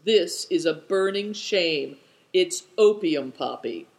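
Reader doing a sulky man, growling, suspicious, grumbling, storybook voice, animated pitch. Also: moderate pace, natural voice. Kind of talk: storybook character voice.

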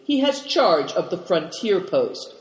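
A man doing a loud, boastful bandit chief. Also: sits high, sing-song, slow pace, echoey room, big-room sound, full character voice. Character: bold, loud male bandit chief in disguise.

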